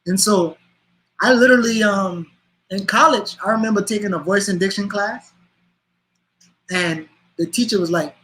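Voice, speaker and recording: A man from Charleston with a Charleston Lowcountry accent, speaking as an interview guest in a passionate, emphatic way with rhetorical questions. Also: moderate pace, long pauses, a bit bright, slight background noise, rough recording. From Charleston, South Carolina. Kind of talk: interview conversation.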